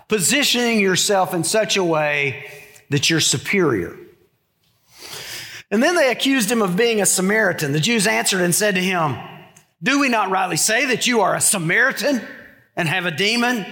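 Middle-aged male pastor, lively sermon delivery, slightly high voice, acts out the lines he quotes. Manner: storytelling, acts out quotes with sudden high shouts.

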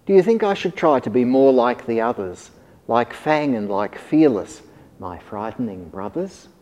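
A man voicing a little, gentle male dinosaur who loves knitting, in a wistful storybook manner. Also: mid-range voice, lively intonation, a little slow, close to an everyday voice. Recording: long hall reverb.

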